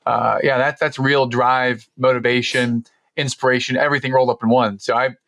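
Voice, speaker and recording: A man's voice: mid-range voice, level tone, a little fast, creaky, a bit bright, no room sound. Coach guy hosting a podcast, affirming, lots of uh's, dry sound. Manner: affirming, reflective, with frequent fillers. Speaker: podcast host and leadership coach. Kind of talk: conversational interview.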